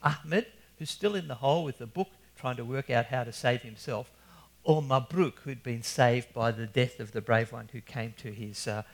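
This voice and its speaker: A man telling a story to an audience, acting out the characters' lines, with sudden loud cries in the dramatic moments. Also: medium pitch, moderate pace. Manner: animated storyteller, acts out voices and shouts for help. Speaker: Christian speaker telling an anecdote. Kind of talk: storytelling talk.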